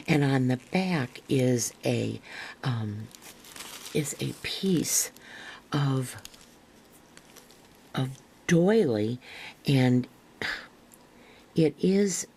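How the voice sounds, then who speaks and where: An older woman with a gravelly voice, a craft vlogger chatting to camera as she unpacks a parcel, gushing and rambling with restarts, sometimes dropping to a near-whisper. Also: extremely low pitch, lively intonation, drawn-out words, long pauses, dark tone, a little hiss or hum, low-quality recording. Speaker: craft vlogger showing a haul. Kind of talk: casual show-and-tell to camera.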